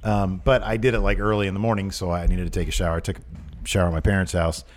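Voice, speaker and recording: A man's voice: low-pitched, fast talker. A man co-hosting a podcast, chatting casually in a rambling, jokey way. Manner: rambling, animated, jokey asides. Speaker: podcast co-host.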